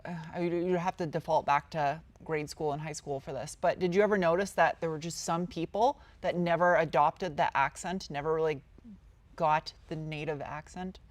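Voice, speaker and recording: A woman's voice: low voice, steady tone, moderate pace, no room sound. Chatty woman answering live chat. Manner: chatty, rambling, reads out chat questions and answers them. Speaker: car-build YouTuber answering live chat. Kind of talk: casual live-stream Q&A.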